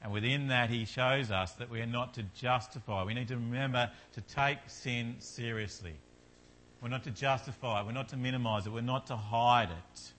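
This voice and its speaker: A man's voice: mid-range voice, fairly even intonation, moderate pace, fairly bright tone, slight background noise. A man preaching a sermon in an earnest manner, building to fervent repetition.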